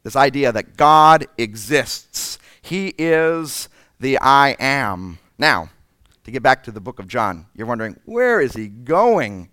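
A man's voice: medium pitch, very animated, slow pace, no echo. Male preacher, dramatic sermon delivery, resonant tone, dry close mic. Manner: dramatic, swings from loud emphasis to breathy whispers.

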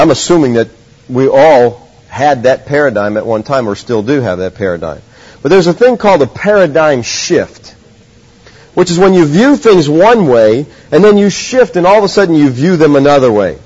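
A man's voice: fairly high pitch, big pitch swings, normal speed, darkish tone, slightly rough. A middle-aged man preaching a sermon in an earnest, teacherly way, often putting questions to his listeners. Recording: dull lo-fi sound.

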